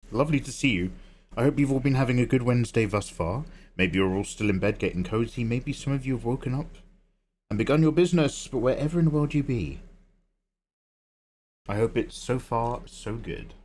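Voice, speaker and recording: A man's voice: mid-range voice, normal speed, long pauses, darkish tone. A young man hosting a drawing livestream, chatting casually and rambling between jokes. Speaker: livestream artist host.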